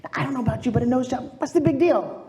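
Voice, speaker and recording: Middle-aged female keynote speaker, animated storyteller, mellow tone, roomy echo. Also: high voice, rapid-fire. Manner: animated storytelling, acts out quoted voices. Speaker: motivational speaker. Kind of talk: motivational keynote speech. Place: stage in a large room.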